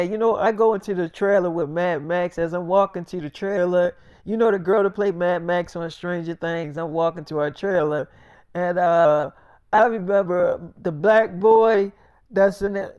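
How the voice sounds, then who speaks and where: A man's voice: sits high, a little mellow, clean tone, dry recording. Young male storyteller, casual slang, rambling and repetitive, dry recording. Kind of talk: freestyle storytelling.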